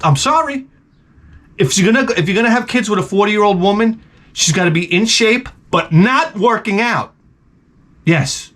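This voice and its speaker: A fairly high-voiced man rants through his advice, blunt, exasperated and full of swearing. He rambles and circles back on himself, a little tipsy from the beer, in a loose comedic vlog style. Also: a bit bright. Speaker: advice vlogger answering viewer questions.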